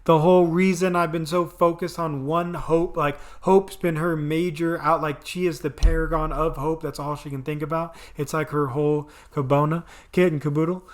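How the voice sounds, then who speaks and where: A man's voice: fairly high pitch, little pitch movement, normal speed, few pauses. A man reviewing a TV episode in casual chat, rambling with lots of fillers. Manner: rambling, filler-heavy, enthusiastic. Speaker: video reviewer.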